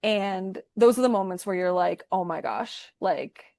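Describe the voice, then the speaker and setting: A woman's voice: mid-range voice, unhurried, a little mellow, dry recording. A young woman giving a heartfelt testimonial in a conversational interview, speaking effusively and often restarting her sentences. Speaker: program participant giving a testimonial.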